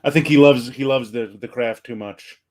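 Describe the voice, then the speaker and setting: Male host, even mid-pitched voice, short encouraging questions, on a video call. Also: moderate pace. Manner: brief, encouraging replies and questions. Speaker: interviewer host. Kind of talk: casual interview.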